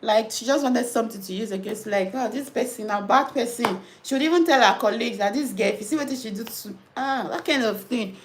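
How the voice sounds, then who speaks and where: A young Nigerian nurse chatting casually, reading comments and telling animated stories with pidgin phrases mixed in. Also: female voice, on the high side, fairly quick, hardly any pauses, background noise. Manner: animated storytelling, mixing in pidgin. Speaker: nurse and host.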